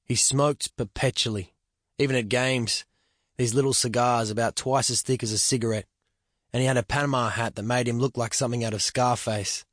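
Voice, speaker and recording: A man reading a literary novel aloud in the first person, reflective and measured, at a close studio microphone. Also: mid-range voice, fairly even intonation, a bit bright, dry recording. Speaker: audiobook narrator.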